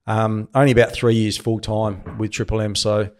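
A man's voice: on the low side, moderate pace. A man in his early fifties with an Australian accent, a former cricketer turned commentator, chatting casually as a guest and laughing at his own stories. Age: 50s. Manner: relaxed storyteller, laughs at himself. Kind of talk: casual interview chat.

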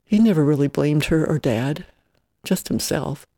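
A measured narrator reading a novel aloud in an even storytelling manner. The tone is dark and mellow, and the sound is close and dry. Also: mid-range voice, dry recording. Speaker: audiobook reader.

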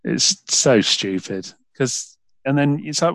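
A man's voice: medium pitch, animated, slow pace, a bit bright, no room sound. A British man hosting a podcast, rambling in casual chat with lots of fillers and restarts. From United Kingdom. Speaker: podcast host.

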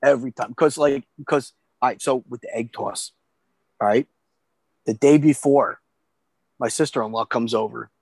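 A man telling a story in casual chat, animated and profane, acting out the voices of the people he quotes. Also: mid-range voice, normal speed, vocal fry, pauses often, breathy edge, no room sound.

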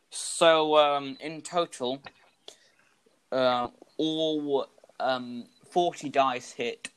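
A man's voice: medium pitch, slight background noise. Loose, rambling game master man. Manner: loose, filler-heavy narration with sudden loud outbursts. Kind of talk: narrating a tabletop game podcast.

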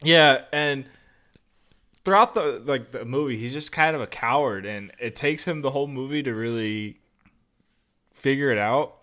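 A young man co-hosts a laid-back movie review, talking in a loose, rambling way and slipping into goofy voices when he quotes scenes. His voice is smooth and clear, sitting at an ordinary middle pitch. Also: moderate pace, pauses often, pushed and bright. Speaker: podcast co-host. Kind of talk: casual movie review chat.

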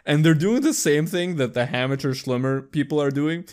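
A young man hosting a podcast, chatting casually in a rambling, profane way and jumping into high squeaky voices for quips. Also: normal speed, few pauses, a little mellow. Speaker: podcast host. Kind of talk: casual chat.

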